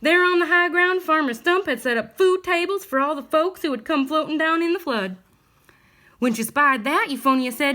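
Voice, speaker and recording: A woman reading a bedtime story aloud in a gentle, expressive way. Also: high voice, normal speed.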